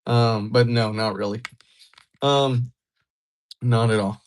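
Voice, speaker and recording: A man's voice: mid-range voice, fairly even intonation, slow pace. A young man from Georgia, chatting casually with viewers on a live stream. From Georgia, USA. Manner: chatty, laid-back, joking with viewers. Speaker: livestreamer.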